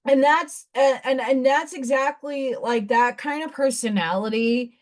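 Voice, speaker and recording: Woman host, fading New York accent, blunt and rambling, slightly high voice. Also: unhurried. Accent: faded Staten Island New York. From Staten Island, New York. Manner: blunt, rambling, frequent restarts. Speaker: livestream host. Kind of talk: casual live-stream chat.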